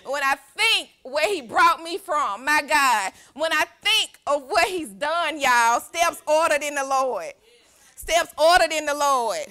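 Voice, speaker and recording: Preaching to her church as a youth pastor, a young woman is exuberant and engages the congregation in call-and-response. She speaks at a slow pace, high-pitched, animated, and sharp.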